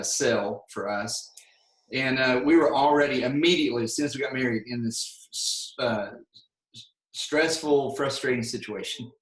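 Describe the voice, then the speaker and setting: A man telling his own story in an earnest, soft-spoken, reflective way. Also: mid-range voice, roomy sound, recorded from a distance, rough recording. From United States. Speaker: recording artist. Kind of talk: candid personal story, then worship song.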